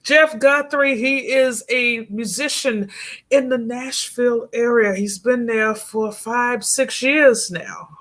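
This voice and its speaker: A woman hosting a radio interview with a bright, ringing voice. She talks warmly and effusively, laughing often between her questions. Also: on the high side, fairly even intonation, slow. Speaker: radio show host. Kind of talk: casual interview.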